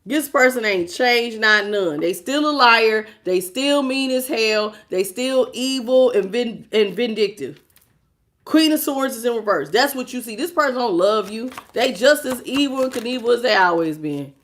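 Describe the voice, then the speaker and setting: A woman's voice: on the high side, expressive, normal speed, a bit bright. A woman doing a tarot reading to camera, sassy and emphatic, often laughing as she talks. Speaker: tarot reader.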